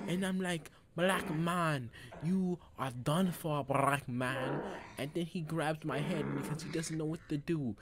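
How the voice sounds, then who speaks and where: A young man narrating his own video in a joking voice-over, deadpan and boastful, sometimes dropping to a quiet mumble. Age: young adult. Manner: deadpan boasting, mock trash talk, drops to quiet low mumbling. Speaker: vlogger. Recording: crowd noise behind.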